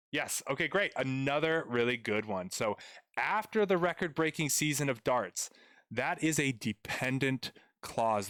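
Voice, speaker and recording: A man's voice: medium pitch, a bit bright, dry recording. Casting: young man, tutor on live stream, chatty and playful, dry close mic. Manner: chatty, playful, addresses chat viewers directly. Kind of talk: live-streamed grammar lesson.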